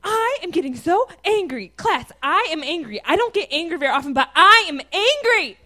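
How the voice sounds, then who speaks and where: A woman's voice: very high-pitched, sing-song, normal speed, pushed and bright, pitched above the performer's own voice, heavily acted. A woman putting on the voice of a flustered, angry woman teacher scolding her class. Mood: exasperated.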